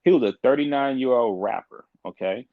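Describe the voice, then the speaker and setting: A young man in his twenties, a podcast guest, telling a story in a frank, emphatic way with quick restarts. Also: mid-range voice, dry recording, phone-quality sound. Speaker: podcast guest, court caseworker. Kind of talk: animated casual storytelling.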